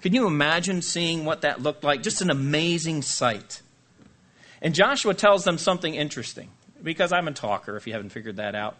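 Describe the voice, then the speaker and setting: Guy preaching a sermon, lively and joking around, does little voices. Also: on the high side, brisk. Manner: animated, jokey, acts out voices. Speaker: pastor.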